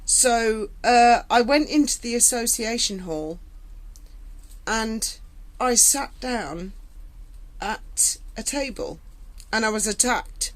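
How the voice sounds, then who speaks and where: A middle-aged woman tells a personal story slowly, emotional and halting, often repeating her words. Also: fairly high pitch, lively intonation, poor audio. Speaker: vlogger recounting her past.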